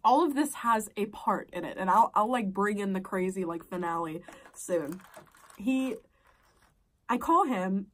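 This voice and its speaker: A woman's voice: mid-range voice, lively intonation, measured pace, far from the mic, low-quality recording. A young adult woman telling a personal story casually while eating, blunt and profane, her voice shooting way up when she gets worked up.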